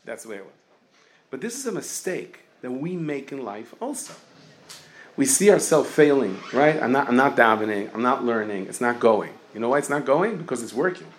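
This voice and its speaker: A man's voice: mid-range voice, normal speed. A man teaching an informal Torah class, telling stories and jokes and sprinkling in Hebrew and Yiddish terms. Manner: lively storytelling, mixes Yiddish and Hebrew terms.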